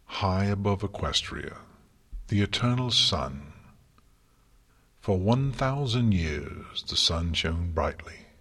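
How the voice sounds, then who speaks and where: A man narrating a story in a slow, hushed, solemn way, sometimes dropping to a whisper. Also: deep voice, expressive, husky. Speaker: story reader. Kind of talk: narrating fan fiction. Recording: long hall reverb.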